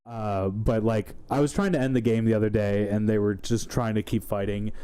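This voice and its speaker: Young male podcast host, game master type, mellow tone, rambling and laughing. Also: fairly low pitch, fairly even intonation, moderate pace, clear, resonant tone. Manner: rambling, laughing, acts out players' voices. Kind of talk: casual podcast chat.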